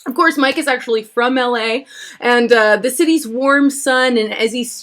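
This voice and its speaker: Giggly high-voiced woman hosting a stream. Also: moderate pace. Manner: giggly, excitable and rambling. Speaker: host. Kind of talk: livestreamed talk show chat.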